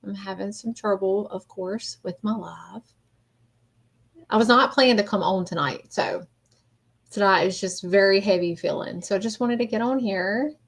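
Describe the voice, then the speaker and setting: A woman hosting a casual livestream, talking in a halting, rambling way and greeting viewers by name. She is emotional and close to tears. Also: mid-range voice, creaky. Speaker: livestream host.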